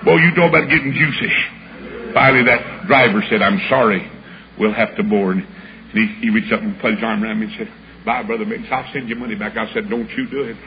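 A man's voice: lowish voice, fast. Male preacher, storytelling sermon, acts out voices, lo-fi hissy tape. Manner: folksy storyteller, acts out each voice, builds to shouts. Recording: dull lo-fi recording with clear background hiss.

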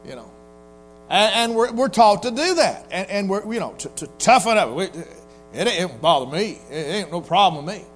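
A man delivers a sermon in a homespun, storytelling manner. His voice sits high, and he slips into little voices to act out what people say. A faint organ-like music bed and a mains hum run underneath. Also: animated, moderate pace. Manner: folksy Southern preacher, acts out quotes in voices. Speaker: pastor.

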